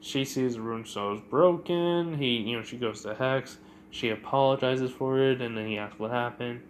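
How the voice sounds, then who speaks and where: A man's voice: mid-range voice, moderate pace, a little hiss or hum. Rambling man retelling a fan story. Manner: rambling, filler-heavy.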